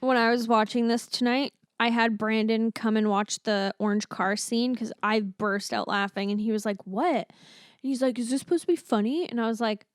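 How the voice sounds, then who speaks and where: A woman's voice: on the high side, fairly even intonation, normal speed, clean tone, no echo, studio quality. A woman co-hosting a casual movie-riffing chat, amused as she retells scenes. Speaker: podcast co-host.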